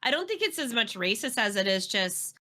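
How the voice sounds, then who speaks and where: Bright, expressive woman chatting. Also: fairly high pitch, a little fast. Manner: expressive, laughs often, trails off mid-thought. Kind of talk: casual chat.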